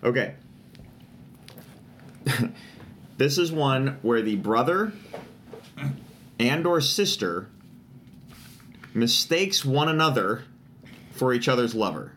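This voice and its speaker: A young man co-hosting a casual podcast chat, hesitant with many pauses and ums. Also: mid-range voice, animated, a bit bright, slight background noise. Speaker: podcast co-host. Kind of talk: casual chat about TV tropes.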